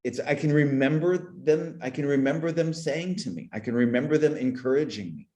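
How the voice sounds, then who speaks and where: A man's voice: a little high, fairly quick, a little mellow, reverberant. A man in his forties from Canada, a podcast guest talking reflectively and emotionally, often repeating words and restarting sentences, at times choked up. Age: 40s. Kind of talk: reflective conversational interview.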